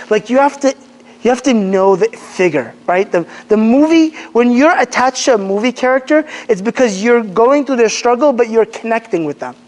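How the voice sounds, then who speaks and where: In a hall with long reverb, a male Islamic teacher with a high voice informally teaches a group of young people about religion. He's a lively storyteller who acts out quotes, and his speech is full of fillers and sentences he starts over.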